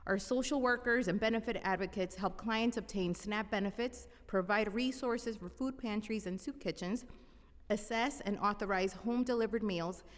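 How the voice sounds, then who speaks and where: A woman, an executive chef, reading prepared testimony to a council committee in a steady, formal manner. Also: medium pitch. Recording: echoey council hearing room.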